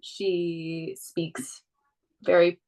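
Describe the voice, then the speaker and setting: A young adult woman whose first language is Spanish, co-hosting a podcast in casual chat, eager and quick to jump in and repeat phrases. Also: on the low side, little pitch movement, warm tone. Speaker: podcast co-host.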